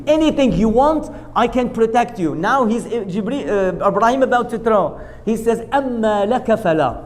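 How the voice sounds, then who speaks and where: A man giving a storytelling lecture at a mosque, acting out the quoted speech, with non-native English grammar. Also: sits high. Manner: animated retelling that acts out quoted speech. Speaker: lecturer at a mosque family night.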